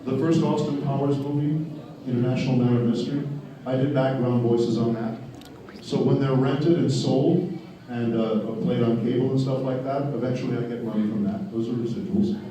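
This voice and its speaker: A man talks candidly and wryly about his work as a voice actor to a panel audience. His voice is deep-toned and very dark. The sound bounces around a large echoey hall, and he stands well back from the mic. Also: steady tone, normal speed, far from the mic. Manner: candid, chatty and wry. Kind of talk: panel Q&A storytelling.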